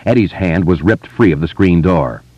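A man narrating an audiobook in an expressive, dramatic manner. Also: low-pitched, normal speed, no echo. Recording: slightly muffled dry studio.

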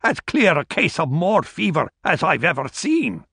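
Guy doing a grumbly old gamekeeper muttering, pushed higher than his own voice, dry. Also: sing-song, normal speed, gravelly, a bit bright, breathy edge, no room sound, exaggerated voice. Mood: dismissive.

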